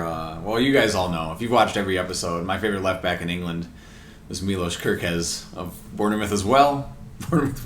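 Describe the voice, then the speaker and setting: Low-voiced man chatting about soccer. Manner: enthusiastic, listing transfers with frequent laughs. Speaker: podcast co-host. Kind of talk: casual soccer chat. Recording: echoey room with faint noise.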